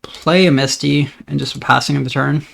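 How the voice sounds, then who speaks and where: A man giving casual commentary on his own card game, thinking aloud about each play in a relaxed, upbeat way. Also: medium pitch, fairly quick, creaky.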